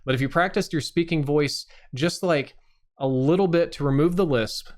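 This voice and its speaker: A man's voice: on the high side, moderate pace. A man hosting a live stream, reviewing channels with blunt, casual and sometimes profane critique.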